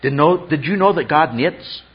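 A man's voice: a little high, expressive, normal speed, breathy edge. A man preaching an expository sermon as a pastor, teacherly, often checking in with rhetorical questions. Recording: dull lo-fi sound.

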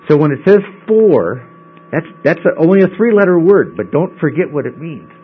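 A man teaching a Bible study in a conversational way, often checking in with the class. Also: medium pitch. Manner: conversational, checks in with frequent "okay?". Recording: dull lo-fi recording with mains hum.

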